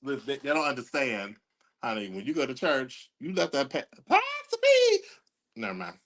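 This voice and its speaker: A flamboyant male co-host with a very lively, swooping voice. He talks dramatically in casual banter and sings little snippets of songs. He keeps calling everyone child and honey. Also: mid-range voice, a little fast. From New York.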